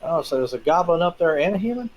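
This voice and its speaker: A man's voice: a little high, lively intonation, quick pace, crowd noise, poor audio. A man playing a tabletop game, coaxing a fellow player in character. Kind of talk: tabletop role-play chat.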